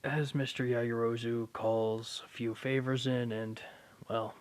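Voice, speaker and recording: A hoarse man with a sore throat casually narrating a fan story in a rambling, loose way. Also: medium pitch, flat delivery, slow pace.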